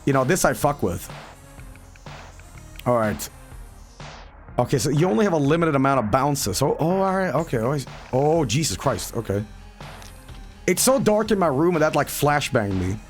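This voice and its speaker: A man's voice: fairly high pitch, very animated, moderate pace, long pauses, faint music behind. A man streaming a video game, rambling and profane about a dream and the game. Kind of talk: casual game stream commentary.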